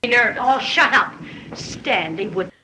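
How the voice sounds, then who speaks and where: An actress playing a bossy, scolding wife in a 1930s film comedy. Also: female voice, on the high side, expressive, slow, sharp tone, full character voice. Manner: scolding, commanding. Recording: hissy old film soundtrack.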